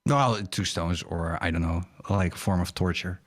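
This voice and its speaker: A man co-hosting a podcast in casual chat, reacting with quick exclamations and questions. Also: deep voice. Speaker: podcast co-host.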